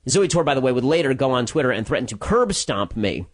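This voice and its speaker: A political commentator delivers a solo monologue in a mid-range voice with big pitch swings. He tells a story quickly, restarting often and tossing in sarcastic, mocking asides.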